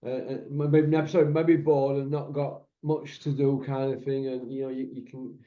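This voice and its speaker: A man's voice: medium pitch, little pitch movement, moderate pace. Rambling man, echoey. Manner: candid, rambling storytelling with banter. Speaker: podcast host. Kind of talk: casual chat. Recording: echoey room, dull lo-fi sound.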